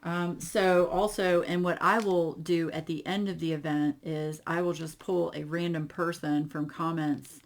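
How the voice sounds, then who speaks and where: A woman chatting casually to her viewers as a crafting YouTuber, animated and wry, with lots of fillers. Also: low-pitched, measured pace, hardly any pauses. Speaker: diamond painting YouTuber.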